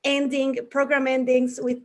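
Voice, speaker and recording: A woman's voice: high voice, completely flat delivery, normal speed, slight background noise. A woman hosting an interview, enthusiastic and admiring, often stumbling over her words with fillers. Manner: enthusiastic, hesitant with many fillers. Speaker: interview host. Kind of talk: casual interview.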